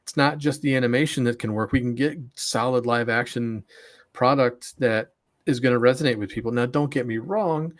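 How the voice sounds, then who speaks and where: A man's voice: medium pitch, normal speed. A man co-hosting a podcast, giving opinions in casual chat and often restarting his sentences. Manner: opinionated, repeats words when starting. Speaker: podcast co-host.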